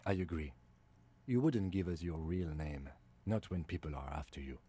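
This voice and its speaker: Game lieutenant, low, mellow, husky, calm and dry. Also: male voice. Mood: measured. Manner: composed, dry, measured. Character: calm, measured police lieutenant. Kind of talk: video game voice acting.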